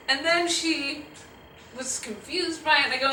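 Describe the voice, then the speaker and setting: A woman in her fifties, a guest speaker answering audience questions, telling stories in an animated, laughing, self-deprecating way. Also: sits high, brisk, a little hiss or hum. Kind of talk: live audience Q&A storytelling. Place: auditorium with audience. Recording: roomy hall sound from a distant mic.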